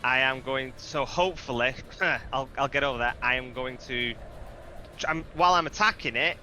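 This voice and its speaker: Very bright-voiced halting male player. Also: medium pitch, soft background music. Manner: halting, laughing, restarts. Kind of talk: casual tabletop game play.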